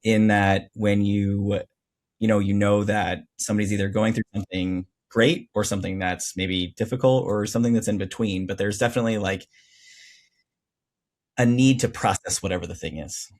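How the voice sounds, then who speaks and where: A man's voice: fairly low pitch, steady tone, moderate pace, darkish tone. A man hosting a podcast, speaking reflectively and searching for words in casual conversation. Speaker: podcast host.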